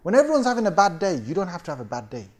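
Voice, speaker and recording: A man telling a story in a sermon, his voice pitched a bit higher than most men's. He is animated and chatty, laughing often, with big jumps in pitch and loudness, and keeps asking his audience for agreement. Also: racing. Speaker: preacher.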